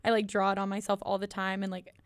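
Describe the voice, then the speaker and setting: Chatting about an album on a podcast she co-hosts, this young woman from the US giggles and fills her talk with ums and likes. She speaks quickly in a monotone at medium pitch. It's a clean studio recording with no room sound.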